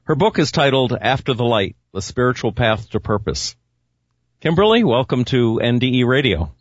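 A man hosting a radio interview show, speaking in a measured, friendly way. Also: medium pitch, big pitch swings, no room sound, dull audio.

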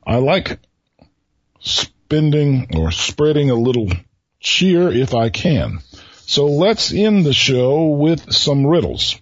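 Slow, husky-voiced male radio host. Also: on the high side, sing-song, dry recording, muffled recording. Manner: slow, folksy, teasing delivery. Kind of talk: solo radio talk with riddles.

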